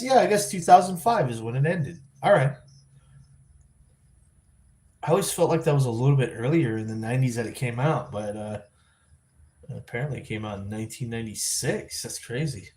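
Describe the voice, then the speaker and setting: A man hosting a live vlog stream, chatting casually and thinking out loud with lots of restarts and self-corrections. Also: mid-range voice. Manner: rambling, thinking aloud with frequent restarts. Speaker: livestream vlog host.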